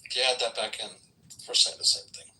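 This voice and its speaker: Conciliatory man with a bright voice. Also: distant mic, low-quality recording. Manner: conciliatory, quick to concede. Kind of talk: casual debate chat.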